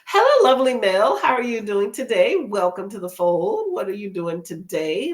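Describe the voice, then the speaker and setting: A woman's voice: mid-range voice, very animated, moderate pace, hardly any pauses. A woman hosting a casual livestream, chatty and laughing often as she reads out chat comments, with a runny nose and feeling under the weather. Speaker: livestream host.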